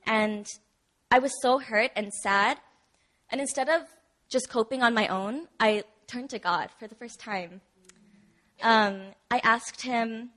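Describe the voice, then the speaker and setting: Chatty woman giving a testimony, slightly high voice. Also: slow, a bit bright. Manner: chatty, many fillers, laughs often. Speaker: church member giving testimony. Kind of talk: personal testimony at a church service. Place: church service.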